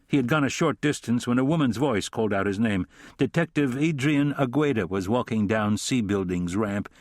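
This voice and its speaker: A man giving a measured, descriptive audiobook narration. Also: mid-range voice, dry recording, studio quality. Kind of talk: scripted narration.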